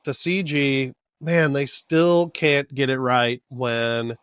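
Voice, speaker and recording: A man's voice: mid-range voice, fairly even intonation, slow pace, fairly bright tone, clear, resonant tone, no echo, studio quality. A man co-hosting a podcast who chats about a TV episode in an easygoing, agreeable way and laughs often. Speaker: podcast co-host. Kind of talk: casual TV recap chat.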